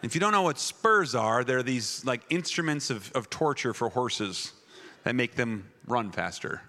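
A man's voice: mid-range voice, lively intonation, a little slow, bright, forceful tone. A man from Wisconsin, a pastor preaching with playful comic stories that turn into earnest teaching. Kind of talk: comedic sermon storytelling. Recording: echoey hall.

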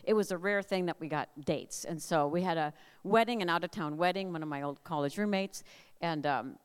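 An older woman from Minnesota giving a humorous storytelling talk at a family camp, lively and animated. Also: lowish voice, fairly quick, smooth. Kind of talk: storytelling sermon. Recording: long hall reverb.

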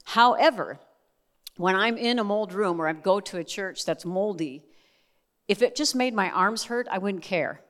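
A woman's voice: mid-range voice, moderate pace, fairly bright tone, big-room sound. A middle-aged woman giving a testimony sermon as a Christian speaker, talking candidly with chatty asides. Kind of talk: testimony sermon to a live audience.

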